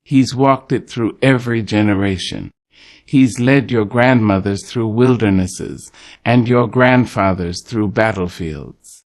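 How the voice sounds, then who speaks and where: A man reading a scripted morning prayer in a poetic, preacher-like cadence, slowing for weighty pauses and addressing the listener tenderly. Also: on the low side. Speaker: devotional speaker.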